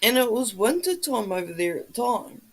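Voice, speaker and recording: A woman's voice: fairly high pitch, very animated, normal speed, slightly rough, rough recording. A woman hosting a casual livestream, chatting with viewers and reading the chat, swearing freely as she talks. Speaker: livestream host.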